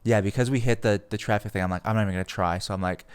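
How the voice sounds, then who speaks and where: Young guy rambling on a podcast, lowish smooth voice, lots of likes and swearing, dry close mic. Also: fairly even intonation, racing, no echo. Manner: rambling, heavy on "like" fillers, swears freely. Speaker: podcast host. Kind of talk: casual storytelling.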